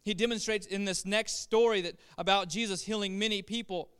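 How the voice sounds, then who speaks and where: High, bright-voiced man preaching a sermon. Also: steady tone, brisk, clean tone. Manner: preaching with rising emphasis, repeated phrases, rhetorical questions. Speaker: pastor.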